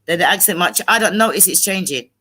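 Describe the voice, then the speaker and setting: Brief: middle-aged East London woman, bright tone, acts out every quote in her stories. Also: on the low side, fast talker, breathy edge. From England. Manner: animated storyteller, acts out quoted dialogue. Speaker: panelist. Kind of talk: casual banter on a livestream.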